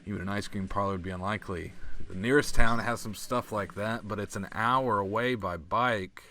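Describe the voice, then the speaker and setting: A young man co-hosting a casual game let's-play, reading visual novel text aloud and cracking profane deadpan jokes. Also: on the low side, normal speed.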